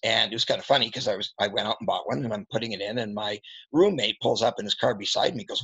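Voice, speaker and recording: A man coaching auto service advisors, telling candid anecdotes and clearing his throat often. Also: on the low side, fast, pushed and bright. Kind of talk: storytelling training talk. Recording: dull lo-fi recording.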